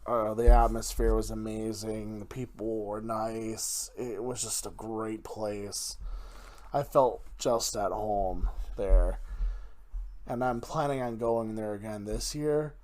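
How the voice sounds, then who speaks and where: A man's voice: on the low side, fairly even intonation, slow pace, a little mellow. A man hosting his own podcast in a casual, rambling solo talk, correcting his own slips and laughing at himself. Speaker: podcast host.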